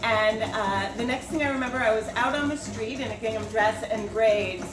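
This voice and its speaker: A woman's voice: fairly high pitch, moderate pace, over music. Self-deprecating woman storyteller, echoey kitchen. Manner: self-deprecating, animated storytelling with acted-out quotes. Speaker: writer and storyteller. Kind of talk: personal storytelling monologue. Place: home kitchen. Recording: roomy home recording from a distance, with background noise.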